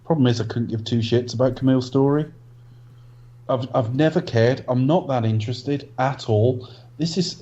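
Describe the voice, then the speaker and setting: A man's voice: medium pitch, warm tone. A man co-hosting a casual film review podcast, giving blunt, dismissive opinions with the odd swear. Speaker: podcast co-host. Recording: dull lo-fi podcast audio.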